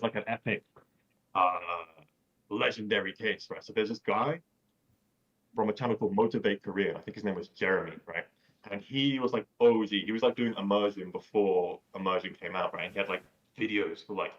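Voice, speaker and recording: Heard over a video call with dull, lo-fi sound, a podcast guest with a fairly low voice chats casually and rambles. He says "like" in every sentence and tosses in the occasional swear word.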